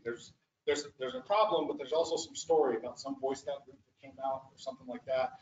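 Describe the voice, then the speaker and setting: A man's voice: mid-range voice, slight background noise. Rambling man presenting in an echoey room. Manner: rambling, animated, many restarts. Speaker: restoration practitioner presenting. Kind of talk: casual meeting presentation. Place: meeting room. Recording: echoey muffled meeting room audio.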